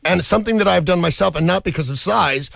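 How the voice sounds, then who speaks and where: A man sitting in as guest co-host on a call-in radio show, joking candidly and animated. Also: high voice, fast, creaky, no room sound, studio quality.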